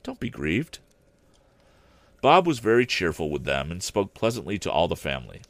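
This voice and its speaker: A man narrating a classic story aloud in an expressive, deliberate reading style. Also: low-pitched, dry recording. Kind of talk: audiobook narration.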